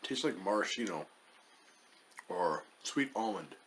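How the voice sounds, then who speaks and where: A man's voice: lowish voice, lively intonation, a little slow, a bit bright, slight background noise. Man muttering through a chocolate review. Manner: wry, hesitant, muttering while tasting. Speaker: food reviewer. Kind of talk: casual product review.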